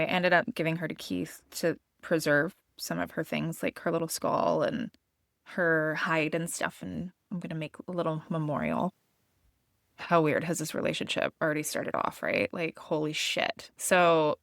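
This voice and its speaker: A woman podcast host telling a personal story in a candid, expressive way, swearing freely. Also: low voice, vocal fry, no echo, studio quality.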